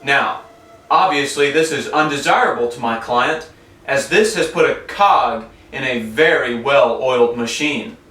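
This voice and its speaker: A man playing a calm, menacing cartel go-between who makes cold, polite threats. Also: mid-range voice, a little slow. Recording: roomy sound, mic at a distance.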